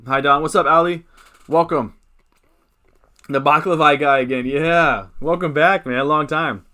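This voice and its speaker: A man's voice: on the high side, steady tone, measured pace, pushed and bright. A young man hosting a live stream, chatting casually, wandering between thoughts and reading out viewer comments. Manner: rambling, chats with viewers, reads out comments.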